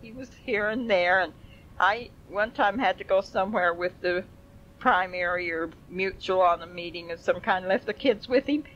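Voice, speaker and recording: A woman's voice: mid-range voice, normal speed, a bit bright. Brief: older woman, folksy and rambling oral history, dull lo-fi tape. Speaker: family storyteller.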